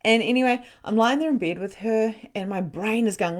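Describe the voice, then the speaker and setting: A woman hosting a live online spiritual session, telling stories in a casual, animated way. She laughs often, swears for emphasis and acts out scenes, then turns quiet when she speaks of loss. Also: a little high, brisk, few pauses, slight background noise. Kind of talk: casual storytelling to a live audience.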